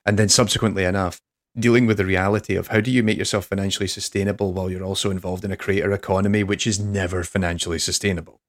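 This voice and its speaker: A man's voice: sits low, little pitch movement, rapid-fire. An English man hosting a podcast in casual chat, rambling and self-deprecating, with many restarts. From England. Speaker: podcast host.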